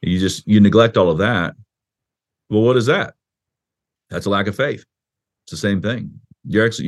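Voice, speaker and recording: Low-voiced pastor, animated and conversational. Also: male voice. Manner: animated, acts out quoted speech with a raised voice; conversational with frequent restarts and "you know". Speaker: pastor and author, interview guest. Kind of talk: explaining in a podcast interview.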